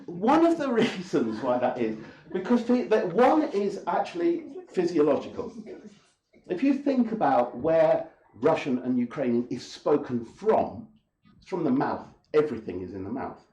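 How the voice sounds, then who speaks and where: A man giving an English-teaching lecture, with a voice that swings widely in pitch. He speaks emphatically and often repeats himself and asks rhetorical questions. The recording is echoey, like a room in a lecture hall. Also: very animated, moderate pace, mellow. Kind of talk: lecture to an audience.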